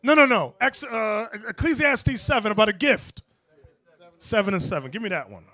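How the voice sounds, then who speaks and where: A man preaching a lively sermon to a class, calling out for scriptures and acting out people's reactions. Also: sits high, normal speed, dry recording. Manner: animated, calls out for scripture, acts out people's reactions.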